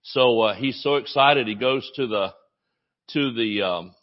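An older male pastor from Georgia telling a folksy story in a sermon, with plenty of fillers and restarts. His pitch sits in a middling range, and the recording is slightly dull. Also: a little slow. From Georgia, USA. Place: church service.

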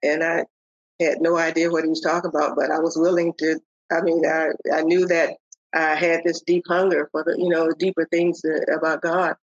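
An older woman, a podcast guest, telling the story of her faith in a halting way, with many pauses and restarts. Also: low-pitched, flat delivery, no room sound. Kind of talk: telling a personal faith testimony. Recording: dull, lo-fi audio.

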